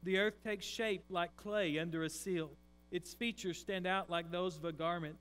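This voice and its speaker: A man pastor preaching a sermon, swinging from a loud raised voice to quiet intensity. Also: high-pitched, steady tone, moderate pace, smooth. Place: church sanctuary. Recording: faint mains hum.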